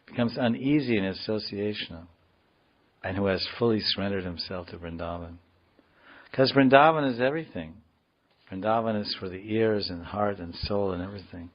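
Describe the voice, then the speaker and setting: A man giving a scripture class, explaining words slowly in a digressive, joking way, heard in a dull lo-fi recording. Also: lowish voice. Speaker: spiritual teacher.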